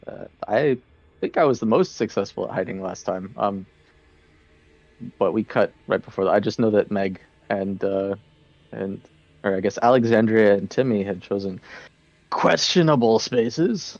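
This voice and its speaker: A man's voice: lowish voice, a little mellow, no room sound. A man who is a player in a tabletop game, talking in an easygoing, hedging way, on a dull lo-fi mic. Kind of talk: casual chat in a tabletop game.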